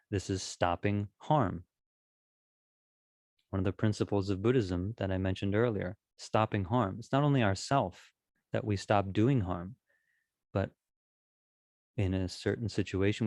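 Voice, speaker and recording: A man teaching a Buddhist talk on communication, calm and gentle, with frequent restarts. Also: fairly low pitch, no echo, studio quality. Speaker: dharma teacher.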